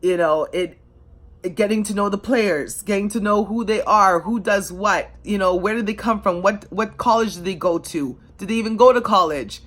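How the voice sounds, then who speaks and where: Speaking to camera at a moderate pace, this woman from Canada has a mid-range, slightly bright voice. She shares her personal story of being a dedicated sports fan, filled with emotion and passion and peppered with fillers in a chatty style.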